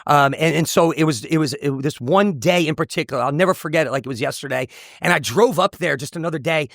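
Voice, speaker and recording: A man's voice: a little high, quick pace, a bit bright, no room sound, studio quality. A man, a motivational speaker, telling an emotional personal testimony in an intense, earnest way. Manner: intense, earnest storytelling with repetitions.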